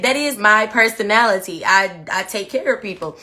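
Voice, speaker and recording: Bright-voiced woman telling a story. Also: a little high, brisk, hardly any pauses. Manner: expressive, lively retelling of a dream; talks straight to viewers. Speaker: Christian vlogger. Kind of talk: casual storytelling.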